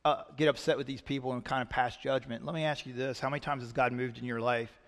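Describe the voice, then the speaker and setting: A male pastor preaching a sermon in a church sanctuary, speaking earnestly and building to loud, emphatic passages. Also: mid-range voice, steady tone, fast talker. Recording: long reverb of a large hall.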